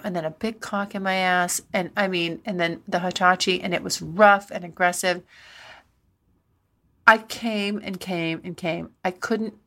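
A woman's voice: mid-range voice, bright, forceful tone. A woman, middle-aged, hosting a podcast and telling frank personal stories in a rambling, breathless way, laughing often. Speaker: podcast host. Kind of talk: candid personal storytelling.

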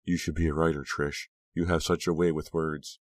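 A man's voice: extremely low pitch, little pitch movement, moderate pace, dry recording. A man playing a wry teen girl, grumbling, mildly raised voice, dry sound. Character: tall, grumbling teenage girl.

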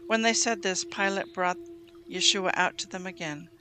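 A host reading scripture aloud in a steady, measured way, giving the quoted lines plainly. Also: mid-range voice. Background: music bed under the reading.

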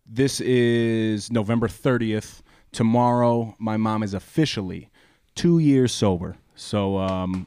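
A young man co-hosting a podcast, talking earnestly in a halting way with many restarts. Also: lowish voice, mellow, clean tone, no echo. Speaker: podcast co-host. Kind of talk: casual chat.

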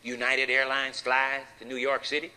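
A man preaching a sermon, folksy and emphatic, with dramatic pauses and rhetorical questions. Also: medium pitch, completely flat delivery, bright, forceful tone.

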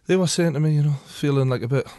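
A man's voice: fairly high pitch, quick pace, warm tone, dry recording, studio quality. Swearing podcast co-host, man. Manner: laughs often, swears freely, reflective. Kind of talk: casual chat.

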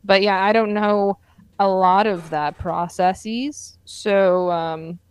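A woman's voice: medium pitch, steady tone, takes it slowly, smooth, no echo. Tired, hesitant woman co-host. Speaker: podcast co-host. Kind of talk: casual podcast chat.

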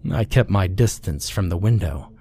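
A man narrating a scripted horror story in a measured, hushed way. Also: deep voice, animated, slightly rough, dry recording.

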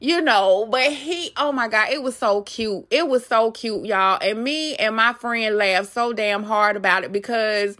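A bright, ringing woman's voice hosts a casual podcast. She tells her stories in an animated, chatty way and keeps turning to talk straight to her listeners. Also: on the high side, a little slow, hardly any pauses. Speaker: podcast host.

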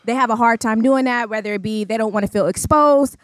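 A woman hosting a casual podcast, asking probing questions in a measured way. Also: on the high side, no echo.

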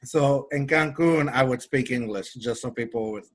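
A man's voice: medium pitch, normal speed. A man co-hosting a podcast, chatting casually, rambling and restarting sentences, laughing easily. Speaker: podcast co-host. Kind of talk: casual chat.

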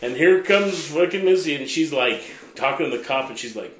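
A man's voice: on the high side, fairly quick, reverberant, a little hiss or hum. A man, a podcast host, telling a profane, rowdy story in casual chat. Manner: profane, animated storyteller, laughs through his punchlines.

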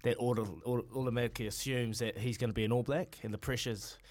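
A man's voice: mid-range voice, fairly even intonation, fast talker, a little mellow. Earnest New Zealand man on radio. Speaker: radio co-host, former rugby player. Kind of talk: casual radio chat.

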